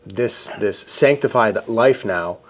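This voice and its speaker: A man with a somewhat low voice talks through a Bible passage in a relaxed podcast chat. He is a pastor, and he tells it like a story, pausing now and then to ask "right?" to keep his co-host with him. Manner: explains scripture through stories, often checks in with "right?". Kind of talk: casual conversational podcast chat.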